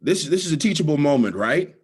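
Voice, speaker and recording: A man's voice: a little high, big pitch swings, fairly quick, breathy edge. A middle-aged man from the Bahamas with a Bahamian accent, giving a motivational storytelling talk as guest speaker and repeating key lines for emphasis.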